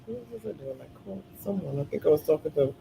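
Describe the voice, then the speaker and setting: A woman's voice: deep voice, fast talker, vocal fry, mellow. A woman chatting casually on a podcast, laughing between thoughts, a little distant from the microphone. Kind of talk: casual chat. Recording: faint background noise, off-mic.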